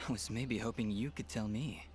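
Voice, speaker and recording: A man voicing a brooding young swordsman hero in a video game, speaking quietly and half-whispered. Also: lowish voice, moderate pace, noisy background, lightly acted. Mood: reflective.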